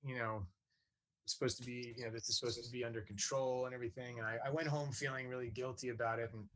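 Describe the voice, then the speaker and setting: A man's voice: mid-range voice, steady tone, fast talker, a bit bright, a little hiss or hum. A man telling an anecdote as a talk-show guest, rambling with many fillers and restarts. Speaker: actor telling a story as a guest.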